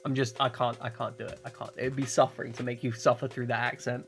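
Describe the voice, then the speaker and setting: A man's voice: mid-range voice, flat delivery, fast, gravelly, hardly any pauses, soft background music. A man streaming a game in casual chat, joking and swearing and often repeating his words as he talks.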